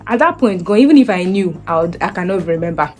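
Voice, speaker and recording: A young woman in her twenties with a Nigerian accent, telling a story to camera in a lively, casual way and acting out what people said. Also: on the low side, quick pace, faint music behind. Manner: animated, acts out quoted voices. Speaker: vlogger.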